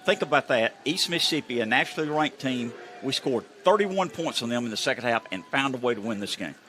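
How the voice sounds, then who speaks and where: A man's voice: mid-range voice, expressive, quick pace, fairly bright tone, slight background noise. A man commentating on a football game, emphatically stressing scores and momentum. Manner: emphatic, stat-driven. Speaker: broadcast color commentator. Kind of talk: booth commentary.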